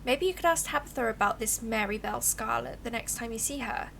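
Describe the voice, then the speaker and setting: A woman reading a visual novel aloud on a livestream, with lively asides between the narration. Her voice sits a little high, with faint noise in the background. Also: gravelly. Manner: animated, reads narration aloud and reacts with quick asides. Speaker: streamer.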